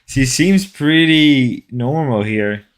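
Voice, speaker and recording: A man's voice: mid-range voice, animated, takes it slowly. A young man co-hosting a stream in casual chat, rambling and joking with hesitant restarts. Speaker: stream co-host.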